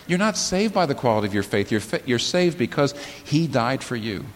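A man preaching a sermon as the pastor, swinging from low, slow, weighty phrases to sudden high, loud outbursts. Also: big pitch swings. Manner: impassioned preaching with sudden rises in pitch and volume and slow, weighty pauses. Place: church sanctuary. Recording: sermon in a large reverberant hall with faint hiss.

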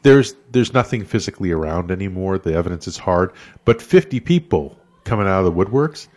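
This man speaks in a low voice as he talks bluntly on a podcast. He swears freely and slips into little acted-out quotes as he tells his stories. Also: animated, a little fast, darkish tone. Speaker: podcast co-host. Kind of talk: casual chat.

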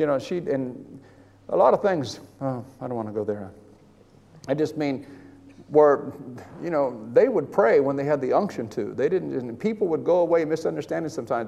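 A man preaching a sermon to a room of listeners, animated, swinging from hushed asides to loud emphatic bursts. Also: on the high side. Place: large hall with an audience. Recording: long hall reverb.

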